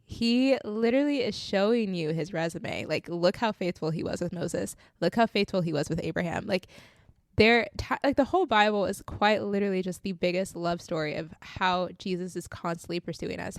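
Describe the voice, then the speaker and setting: A young woman whose voice is on the low side hosts a faith podcast, speaking at a moderate pace with no echo. Casually and earnestly, she pours out her testimony from the heart, often near tears and using "like" a lot.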